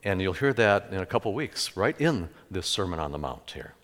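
Middle-aged pastor preaching in an echoey church. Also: male voice, sits low, sing-song, normal speed. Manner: storytelling, with sudden loud emphases. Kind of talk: sermon. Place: church sanctuary. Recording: echoey church hall with long reverb.

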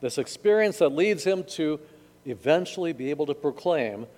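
A male pastor reads scripture and then preaches in a relaxed, joking way. His voice sits a little high. The sound rings out with a long church reverb. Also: moderate pace. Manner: conversational, joking. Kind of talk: sermon. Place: church sanctuary.

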